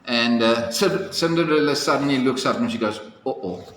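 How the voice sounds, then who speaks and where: A man's voice: mid-range voice, brisk, fairly bright tone, slight background noise. A man telling a fairy tale casually, with chatty asides and playful sound effects. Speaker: storyteller. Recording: echoey hall with faint ambience.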